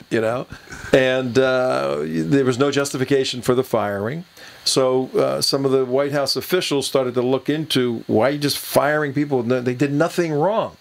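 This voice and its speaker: A man's voice: medium pitch, gravelly, a little hiss or hum. A man hosting a political talk radio show, telling a long rambling story with many fillers and chuckles.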